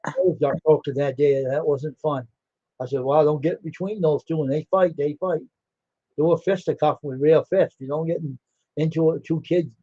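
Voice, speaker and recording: A man's voice: a little high, normal speed, warm tone, no room sound, highs cut off. An older man hosting a livestream, telling rambling stories in casual chat and acting out the dialogue. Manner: rambling, laughing, acts out quoted dialogue. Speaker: livestream host.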